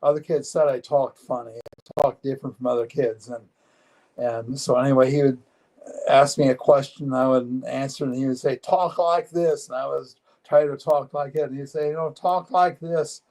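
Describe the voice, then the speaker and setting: A man in his seventies talks as a guest in a live-streamed interview, his tone mellow and soft-edged. He is earnest and matter-of-fact, often pausing and restarting his sentences. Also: mid-range voice, flat delivery, rough recording. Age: 70s.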